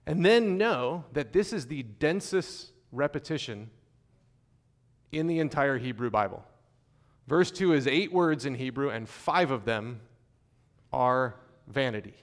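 A male pastor preaching a sermon in a measured, conversational way, with fillers and restarts, slowing to stress key phrases. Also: mid-range voice, animated. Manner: slows and stresses key phrases when reading scripture.

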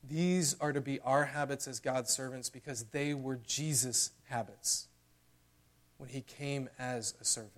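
A male pastor delivering a sermon in a church. His voice sits in an ordinary middle range and stays earnest throughout. At the key moments he rises in volume and pitch. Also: steady tone, unhurried. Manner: earnest preaching, swelling louder and higher at climaxes.

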